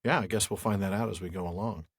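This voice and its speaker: A man co-hosting a podcast, chatting in a relaxed, agreeable way and joking along. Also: on the low side, quick pace, slightly rough, no echo, studio quality. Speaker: podcast co-host. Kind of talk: casual discussion of literature.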